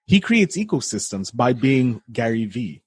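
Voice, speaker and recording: A man's voice: medium pitch, big pitch swings, unhurried, darkish tone, breathy edge, no echo. A man hosting a casual podcast chat, riffing enthusiastically. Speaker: podcast host.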